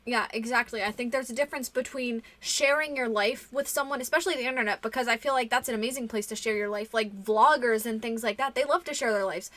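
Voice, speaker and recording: A woman's voice: on the high side, fast talker, few pauses, fairly bright tone, no room sound. A young woman hosting a casual podcast, chatty and rambling, a little self-conscious. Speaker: podcast host.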